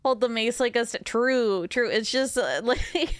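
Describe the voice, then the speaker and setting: Drowsy woman streamer, rambly and giggly with chat, smooth voice in a dead-dry room. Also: fairly high pitch, moderate pace, dry recording. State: sleepy. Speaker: game streamer. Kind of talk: casual gameplay commentary.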